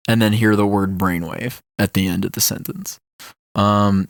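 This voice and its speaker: A man's voice: on the low side, a bit bright, no room sound, studio quality. A young man hosting a solo podcast, talking casually in a rambling way with lots of fillers. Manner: rambling, filler-heavy, musing about ideas. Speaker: podcast host.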